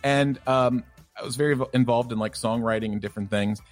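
A man's voice: mid-range voice, fairly quick, soft background music. Easygoing man telling stories. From Southern US. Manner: relaxed storytelling, filler-heavy. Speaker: guest sex therapist. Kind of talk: conversational podcast interview.

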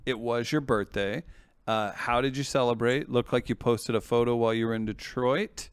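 A man's voice: mid-range voice, fairly even intonation, moderate pace, smooth, dry recording. A man hosting a casual chat, teasing his co-hosts and reading out listener questions. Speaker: host.

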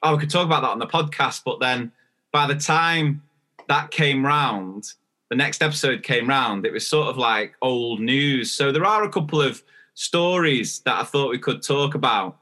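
A man's voice: mid-range voice, moderate pace, bright, forceful tone. A young man, co-hosting a podcast and telling a story in casual chat, acting out the dialogue. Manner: chatty storytelling, acts out dialogue. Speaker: podcast co-host.

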